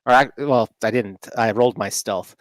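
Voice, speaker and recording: A man's voice: mid-range voice, normal speed, no room sound. A man playing in a tabletop game, talking casually with laid-back, hesitant starts. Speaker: player.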